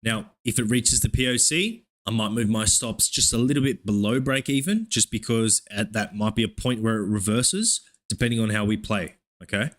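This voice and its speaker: A young man from Australia with an Australian accent, streaming live trading commentary in a profane, hyped play-by-play with excited oohs. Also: lowish voice, moderate pace, few pauses. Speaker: live-streaming futures trader.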